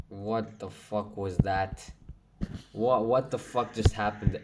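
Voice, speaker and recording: A young man commentating his own video game play, getting excited and swearing when it goes wrong. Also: lowish voice, unhurried, background noise. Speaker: gaming channel host. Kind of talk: gameplay commentary.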